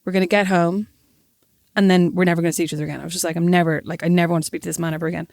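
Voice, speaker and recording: A young Irish woman co-hosting a podcast, telling a story in a lively, self-mocking way. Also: fairly low pitch, rapid-fire, creaky, dry recording, clean studio sound. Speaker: podcast co-host. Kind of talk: casual chat, storytelling.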